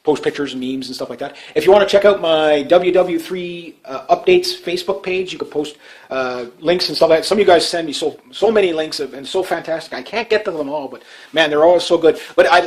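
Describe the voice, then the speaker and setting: A Canadian man rambling through casual commentary on his channel, full of fillers and restarts, his voice often trailing off quietly. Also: a little high, rough recording. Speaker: vlogger.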